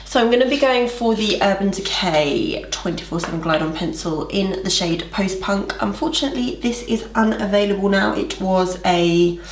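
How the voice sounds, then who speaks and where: A woman's voice: medium pitch, moderate pace, hardly any pauses, echoey room, a little hiss or hum. A young woman chatting her way through a makeup tutorial in a bubbly, gushing manner. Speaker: makeup vlogger. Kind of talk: casual makeup tutorial narration.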